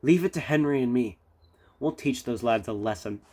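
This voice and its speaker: A man's voice: mid-range voice, lively intonation, moderate pace, warm tone, natural voice. A man voicing a sensible engine driver who explains things steadily in a storybook reading. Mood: calm. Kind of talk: storybook read-aloud.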